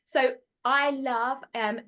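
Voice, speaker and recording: A woman from England, a guest on a podcast, chatting in a bubbly, excitable way and laughing often. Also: high voice, slow, dull audio. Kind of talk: casual podcast chat.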